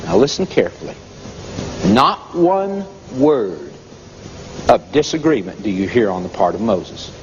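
A preacher telling a Bible story in an emphatic, repetitive sermon style. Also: male voice, fairly low pitch, sing-song, unhurried, a little hiss or hum. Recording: dull lo-fi tape with long reverb.

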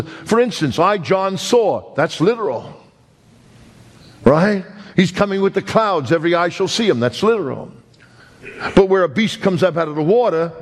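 Older preacher in a reverberant hall. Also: male voice, on the high side. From New York. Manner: emphatic, slow deliberate phrasing with sudden quick asides. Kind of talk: sermon. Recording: long reverb of a large hall.

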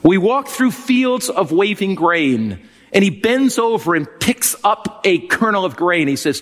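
A man's voice: fairly high pitch, lively intonation, normal speed, fairly bright tone, big-room sound. A man preaching a sermon, telling an imagined scene with earnest, reverent feeling. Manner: earnest, reverent storytelling with emotional swells. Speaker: pastor.

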